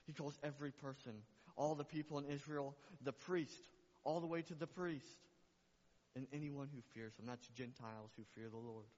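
A male pastor preaching a sermon, swinging between loud emphatic peaks and soft, low passages, repeating his questions back to the congregation. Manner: repetitive call-and-response preaching. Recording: dull sound with long hall reverb.

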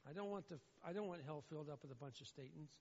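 Impassioned high-voiced preacher in a hall. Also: male voice, racing. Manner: impassioned, swings between loud pleading and low somber tones. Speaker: pastor. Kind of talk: sermon. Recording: dull, muffled sound with long hall reverb.

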